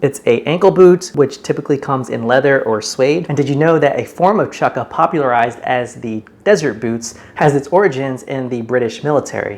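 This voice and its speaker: A man hosting a men's style vlog, explaining in a chatty, informal way as he shows items to the camera. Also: medium pitch. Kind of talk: casual presenting to camera.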